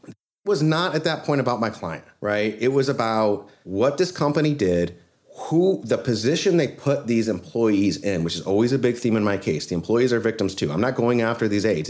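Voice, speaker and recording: A man, a trial lawyer guest on a podcast, telling a case story in an earnest, animated way. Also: lowish voice.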